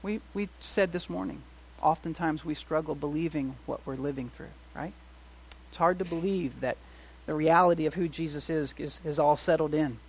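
Animated man preaching a sermon. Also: on the high side, normal speed, breathy edge. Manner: animated, swings from soft to loud, rhetorical questions. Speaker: pastor.

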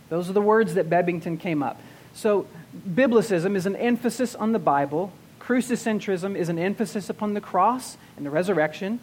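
Pastor preaching a sermon, slowing on key words. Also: male voice, high-pitched, a little mellow, a little hiss or hum. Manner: teaching tone with frequent restarts and stammered repeats.

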